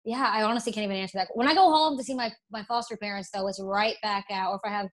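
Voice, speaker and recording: A young woman from Alabama talks as an interview guest, candid and self-deprecating, with only a faint Southern accent left. Her voice sits at an ordinary middle pitch, and she often breaks off and restarts her sentences. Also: very fast. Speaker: interview guest, broadcast presenter. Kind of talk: casual interview.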